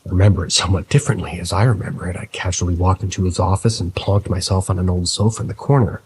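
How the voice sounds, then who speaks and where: Low-voiced guy narrating a creepy first-person story, steady and measured, faint hum behind. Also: low-quality recording. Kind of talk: scripted horror story narration.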